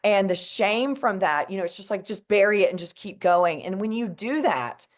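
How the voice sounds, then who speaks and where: A woman's voice: mid-range voice, expressive, normal speed. A woman, speaking earnestly and emotionally to an audience as a mental health advocate, with many fillers like "like" and "you know.". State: emotional, close to tears. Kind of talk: heartfelt personal talk to an audience.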